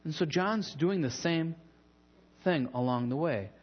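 A pastor preaching a sermon in a church in a conversational, animated way, with asides and bits of humor. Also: male voice, a little high, measured pace, slightly rough, long reverb tail, lo-fi sound.

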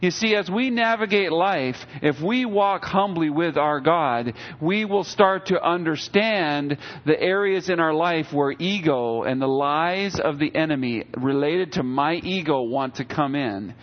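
Middle-aged male pastor, slightly high voice, chatty preaching with acted-out asides, dull lo-fi recording. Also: unhurried, hardly any pauses. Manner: conversational preaching with acted-out quotes. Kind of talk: sermon.

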